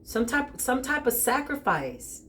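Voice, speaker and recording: A woman giving a casual tarot reading straight to her listener, animated and joking, often calling out "listen" and "okay". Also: high voice, measured pace, slight background noise. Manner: animated and joking, with bursts of laughter. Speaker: tarot reader.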